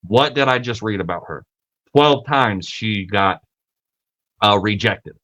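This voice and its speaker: A man talks through a casual podcast monologue in a bright, forceful voice. He is animated, swears freely and trips over repeated words. His pitch leaps whenever he acts out the people he quotes. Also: slow pace. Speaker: podcast host.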